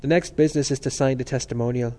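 A man reading the lines of a blunt, combative young male student who speaks briskly. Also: mid-range voice, steady tone, warm tone, close to an everyday voice.

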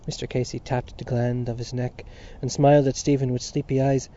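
A man narrating a novel as an audiobook in a measured, even manner, on a dull lo-fi recording. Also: mid-range voice, a little hiss or hum.

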